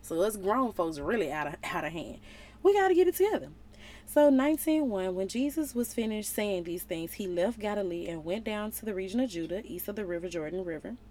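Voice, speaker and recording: A young woman leading a casual Bible study, reading scripture aloud and retelling it in playful, slangy, animated asides. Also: medium pitch, fairly quick, few pauses. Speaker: relationship vlogger.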